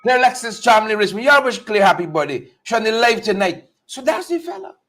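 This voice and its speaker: High-voiced man commenting live. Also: fast talker, a little hiss or hum. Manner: animated, talks straight to viewers and mocks. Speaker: host of a political talk show. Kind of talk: casual live-stream commentary.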